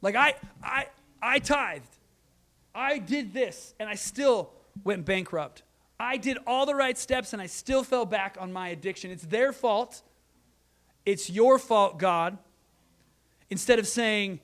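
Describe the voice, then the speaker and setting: A man in his thirties preaching a sermon, earnest, moving between loud emphasis and quiet, soft asides. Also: high-pitched, slow. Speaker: pastor.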